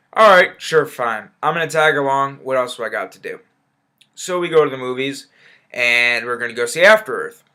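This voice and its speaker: A man's voice: medium pitch, bright, forceful tone. A young man giving a casual, rambling spoken movie review, blunt and sarcastic, swearing freely and stumbling over fillers and restarts.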